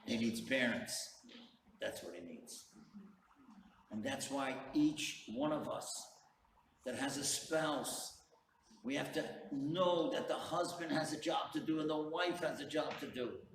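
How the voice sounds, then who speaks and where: A man's voice: fairly high pitch, measured pace. A man, a rabbi, giving an earnest sermon to a live audience and telling stories with direct appeals to his listeners. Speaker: rabbi, lecturer. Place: event hall. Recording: roomy hall, distant mic, faint hum.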